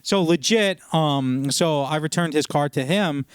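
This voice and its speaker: A man's voice: fairly high pitch, unhurried, smooth, no room sound, studio quality. A young man hosting a casual solo podcast, telling rambling work stories full of swearing and quoted voices. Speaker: podcast host. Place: home podcast set with curtain backdrop.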